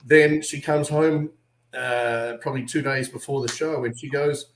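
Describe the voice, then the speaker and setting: An Australian man in his forties tells an animated story on a video call, slipping into voices for the people he quotes. His voice sits in a middle pitch. The echo of the room around him comes through the call. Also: normal speed, slight background noise. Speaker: guest.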